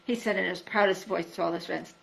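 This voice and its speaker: A woman reading a children's storybook aloud in an expressive storytelling manner. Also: lowish voice, brisk, gravelly, rough recording. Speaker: storybook reader.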